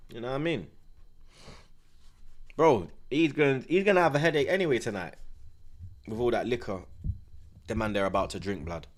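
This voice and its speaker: A man hosting a live football watchalong, talking in excitable, slang-heavy banter. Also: medium pitch, normal speed, pauses often. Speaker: host. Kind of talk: live match watchalong commentary.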